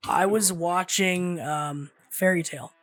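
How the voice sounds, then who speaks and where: Brief: male podcast guest, earnest and open, voice a bit high, faint music bed. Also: slow, a bit bright. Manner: earnest, opens up about a hard time. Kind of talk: casual chat.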